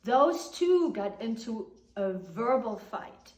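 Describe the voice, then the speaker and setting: Older woman, oral history teller, conversational with quiet trailing ends; roomy echoey recording. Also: on the high side, very animated, slow pace. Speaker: storyteller. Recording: roomy echo.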